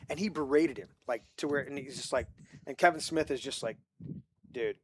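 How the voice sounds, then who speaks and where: A man's voice: medium pitch, normal speed, slight background noise. A man hosting a casual movie podcast, rambling through stories with many restarts and acting out quotes. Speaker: podcast host. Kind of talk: casual group chat about movies.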